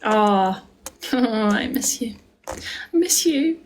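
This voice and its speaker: A woman's voice: a little high, animated, drawn-out words, slight background noise. A woman with a Scottish accent, hosting a casual live stream and chatting affectionately with viewers as she answers their questions. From Scotland. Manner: chatty and affectionate, calls viewers darling and lovely. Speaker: live-stream host and musical theatre performer.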